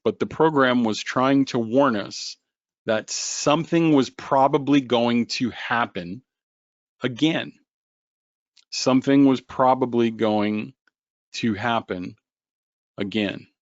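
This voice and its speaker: Guy hosting a trading webinar, slow and joky, dull lo-fi dry audio. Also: mid-range voice, no room sound. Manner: joking, animated, talks to viewers by name. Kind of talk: live webinar teaching.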